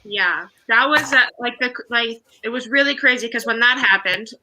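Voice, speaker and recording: A woman co-hosting a casual podcast, speaking in a relaxed, hesitant way with fillers. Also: on the high side, normal speed, noisy background. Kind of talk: casual chat.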